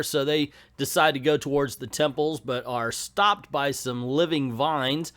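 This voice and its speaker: A man's voice: a little high, expressive, normal speed, hardly any pauses, a bit bright. A man hosting a comic book video, recapping a story in a casual, chatty way with joking asides.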